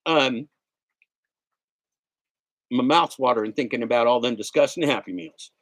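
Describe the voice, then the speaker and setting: A man's voice: mid-range voice, a little slow, dry recording. A middle-aged man ranting in a casual livestream, emphatic and sarcastic, repeating his points. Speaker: gig delivery driver streamer.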